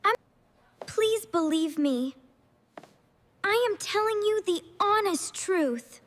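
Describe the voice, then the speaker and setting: A woman voicing a young schoolgirl falsely accused, speaking slowly and tearfully in a storybook for learners. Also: extremely high pitch, animated, a bit bright, heavily acted. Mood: pleading. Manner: slow, pleading, tearful. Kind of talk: slow storybook dialogue for learners.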